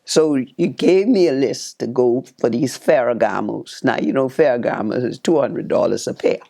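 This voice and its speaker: An older woman, a former politician, telling her life story with animated, repeating speech that leaps up high when she relives excitement. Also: normal speed, creaky. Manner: repeats and restarts phrases, addresses listeners directly.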